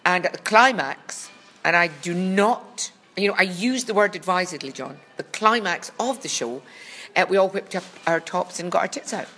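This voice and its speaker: A woman's voice: lowish voice, expressive, moderate pace, fairly bright tone, slight background noise. A woman with a Scottish accent chatting as a podcast guest, rambling through stories with dry, teasing humour. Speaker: podcast guest, former children's TV presenter. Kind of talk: casual comic chat.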